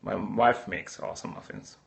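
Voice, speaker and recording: A man's voice: on the low side, moderate pace, vocal fry. A man from Slovakia with a Slovak-Hungarian accent, chatting casually and answering viewer comments during a live coffee-brewing stream. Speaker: livestream host.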